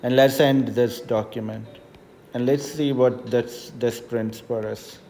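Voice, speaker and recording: Male tutor voice-over, unhurried step-by-step explainer, mellow tone. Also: mid-range voice, fairly even intonation, a little hiss or hum. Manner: unhurried, explains step by step with frequent "right?" checks. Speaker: math teacher. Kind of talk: screen-recorded coding tutorial. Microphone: voice-over on tablet whiteboard recording.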